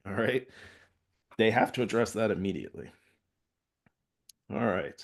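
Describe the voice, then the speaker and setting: A man's voice: on the low side, moderate pace, long pauses. Man teaching safety with constant check-ins. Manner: conversational, peppers points with "all right?" check-ins. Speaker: safety consultant. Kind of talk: workplace safety training talk.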